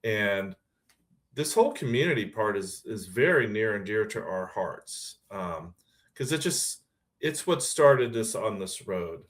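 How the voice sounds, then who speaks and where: Low-voiced man telling lively stories. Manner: lively storytelling, quick to laugh. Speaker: guest, pickleball club founder. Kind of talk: casual podcast chat.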